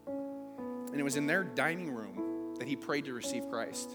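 Speaking at a measured pace in a mid-range voice with lively intonation, a pastor addresses his congregation in the church sanctuary. His casual sermon builds toward emphatic peaks. The recording carries the hall's reverb and faint music.

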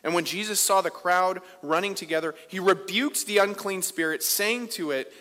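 A man preaching a sermon as pastor, conversational, moving between loud emphasis and quiet asides. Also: high-pitched, normal speed, hardly any pauses. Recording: long reverb of a large hall.

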